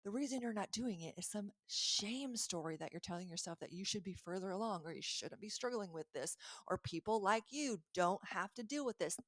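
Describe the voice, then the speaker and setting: A woman coaching listeners in an earnest, animated talk with a faith-based message, often stopping to correct herself. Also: medium pitch, brisk, hardly any pauses, dry recording, clean studio sound. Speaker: life coach.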